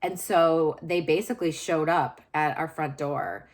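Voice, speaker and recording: A woman with a notably low voice speaks straight to camera in a candid, confessional way. She searches for her words, circles back and restarts often. It sounds unscripted and personal. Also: measured pace. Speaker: vlogger sharing personal story.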